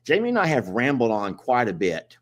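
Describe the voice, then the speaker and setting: A talkative man with a drawl, hosting a casual live stream. His voice rises and falls a lot as he rambles on and chuckles between thoughts. His pitch sits in the middle range. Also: huge pitch swings, a little fast. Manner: rambling, chatty, laughs often. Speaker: livestream co-host. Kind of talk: casual chat.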